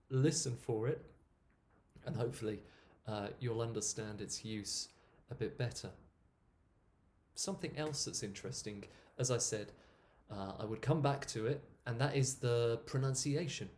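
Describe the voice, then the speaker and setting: A man's voice: medium pitch, a little slow, slight background noise. A man, an English teacher casually explaining spoken usage and demonstrating word sounds. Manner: relaxed, repeats words to demonstrate pronunciation.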